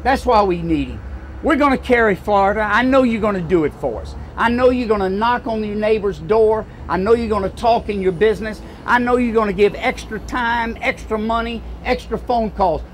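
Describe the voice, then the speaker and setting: A man's voice: high-pitched, moderate pace, slight background noise. An older man from Louisiana with a Southern American accent, giving a folksy, rousing campaign speech full of stories. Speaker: political speaker.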